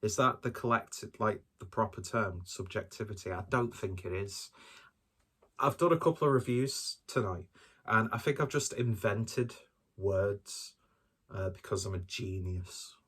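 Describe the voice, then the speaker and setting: Guy rambling through a beer review, kinda low voice, lots of um and like, pokes fun at himself. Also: measured pace, a bit bright, husky. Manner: rambling, hesitant, self-deprecating. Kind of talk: casual solo review.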